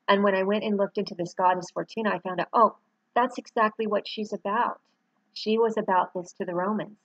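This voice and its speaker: Showing photos to the camera, this middle-aged author and dog owner talks fast in a rambling, heartfelt vlog, now and then getting choked up. Her voice sits at medium pitch with a steady tone. The recording is dry and lo-fi.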